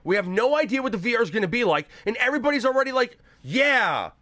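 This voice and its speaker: A young man rants on his own show, cursing constantly and mocking other people in sarcastic put-on quotes. His voice sits high and leaps all over the place as he gets worked up. The sound is close and dry, with no room around it. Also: lively intonation, very fast, a bit bright, no room sound. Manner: profane, exasperated ranting with sarcastic mock quotes. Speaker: show host. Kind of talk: ranting gaming commentary.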